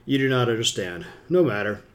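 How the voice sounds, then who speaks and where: Audiobook villain, read by a man: smirking, level, quietly menacing. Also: mid-range voice, lively intonation, brisk, close to an everyday voice. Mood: menacing calm. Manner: level, smug, quietly threatening. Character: calm menacing older male villain, smirking.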